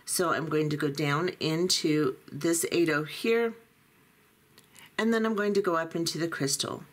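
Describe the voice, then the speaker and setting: A woman teaching a beading tutorial, calmly talking through each step as she works. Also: deep voice, measured pace. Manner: calm, methodical, talks through each step. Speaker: beading instructor.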